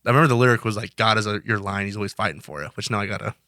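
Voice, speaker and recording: Twenties male interview guest, bright and brisk delivery, earnest and rambling. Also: fairly low pitch, no echo, clean studio sound. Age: 20s. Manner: earnest, rambling with many restarts. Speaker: guest, college wrestler. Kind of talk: casual interview talk.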